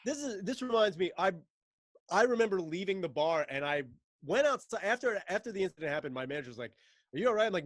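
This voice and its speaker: A man's voice: high-pitched, expressive, fast talker, fairly bright tone, dry recording. A man in casual chat, ranting and mocking with lots of swearing, laughing between phrases.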